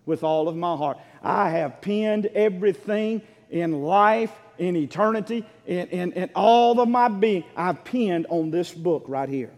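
A man preaching a sermon as pastor, fervent and swelling into shouts, calling for responses from the congregation. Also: high voice. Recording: long reverb of a large hall.

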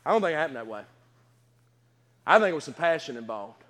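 A man's voice: on the high side, sing-song, fast talker, fairly bright tone. A man preaching a sermon in a folksy, emphatic way, full of stammering restarts. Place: church sanctuary. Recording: long hall reverb.

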